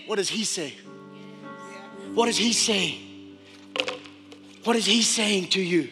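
A man preaching a sermon as pastor, swinging from loud urgent preaching to hushed, whispered prayer. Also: sits high, animated, takes it slowly, pauses often. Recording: echoey hall with music behind.

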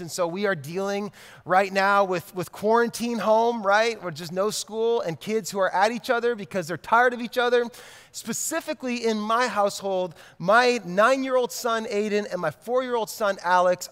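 High-voiced male pastor in a reverberant hall. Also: fairly bright tone, smooth. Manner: conversational, repeats key lines for emphasis. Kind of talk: sermon.

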